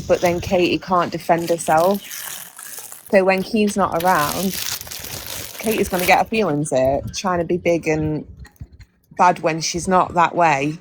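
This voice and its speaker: A woman's voice: deep voice, a little hiss or hum. A young British woman chatting casually on a live stream, blunt and candid, swearing freely. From Britain. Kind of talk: casual chat.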